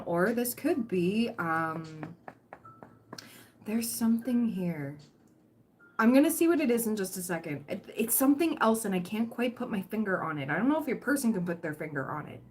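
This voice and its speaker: There's slight background noise as a woman with a mid-range voice gives a tarot reading on a livestream. She's chatty and reassuring, leaning on fillers and restarts, and her throat is dry and catching.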